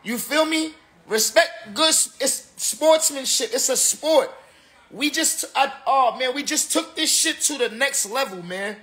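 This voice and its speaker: A man's voice: very high-pitched, unhurried, sharp tone. A tipsy man, a battle rapper, ranting on a livestream in an emphatic, repetitive, slangy way. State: tipsy from drinking. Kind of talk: casual livestream rant.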